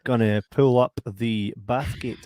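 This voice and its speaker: A man with a Scottish accent co-hosting a podcast in casual chat, playful and quick to laugh. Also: mid-range voice, smooth, dry recording. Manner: playful, laughs often, lively banter. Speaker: podcast co-host.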